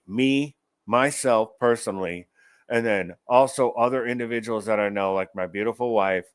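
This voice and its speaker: A man's voice: medium pitch, no room sound. A man hosting an online commentary show, ranting angrily about news clips with profanity and sarcasm. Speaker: show host.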